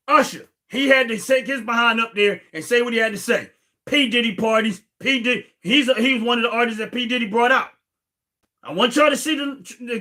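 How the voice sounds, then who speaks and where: An American man hosting a livestream, ranting in an indignant, repetitive way and often raising his voice to a shout. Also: very high voice. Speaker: livestream host. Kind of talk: heated political livestream rant.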